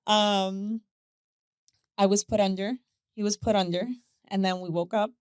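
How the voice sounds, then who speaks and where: A woman's voice: mid-range voice, fairly even intonation, a little slow, clean tone, dry recording, studio quality. A woman guest on a podcast, openly telling a personal story in casual conversation and laughing now and then. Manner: open, storytelling with acted quotes and laughs.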